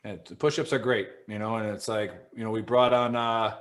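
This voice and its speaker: A man's voice: on the low side, little pitch movement, fairly quick, fairly bright tone. A man co-hosting a veterans podcast, telling stories in a blunt, profanity-heavy, casual way. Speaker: podcast co-host.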